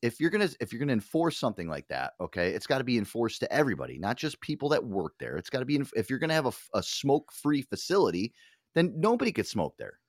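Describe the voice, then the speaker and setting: A man hosting a podcast, talking casually and animatedly, swearing often and mimicking other people in loud high voices. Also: big pitch swings, fast, no echo, studio quality. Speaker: podcast host. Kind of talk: casual chat.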